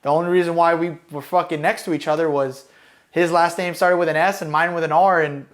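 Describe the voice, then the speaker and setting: A man's voice: on the high side, steady tone, a little fast. Profane, rambling veteran man. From Los Angeles County, California. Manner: profane, rambling, with many fillers. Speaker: Marine combat veteran guest. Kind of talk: casual storytelling.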